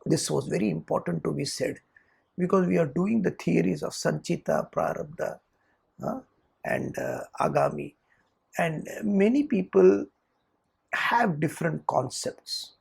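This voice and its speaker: Brief: spiritual lecturer, deep fry and heavy rasp throughout, earnest, rhetorical asides. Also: a little slow, a little mellow. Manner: earnest, checks in with rhetorical "hmm?" tags. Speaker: spiritual teacher. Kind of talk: lecture on scripture.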